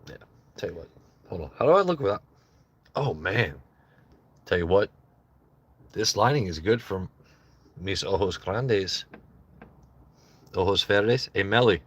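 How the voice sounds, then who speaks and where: A man's voice: fairly low pitch, sing-song, moderate pace, long pauses, husky, dull audio. A man hosting a casual livestream, rambling and joking with his chat in loose asides. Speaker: livestream host.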